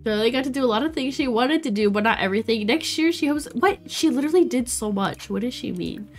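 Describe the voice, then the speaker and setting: A young woman streaming a life-sim game, chatting to her viewers in an excitable way with frequent exclamations and laughs. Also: a little high, fast, faint music behind. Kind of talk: casual let's play commentary.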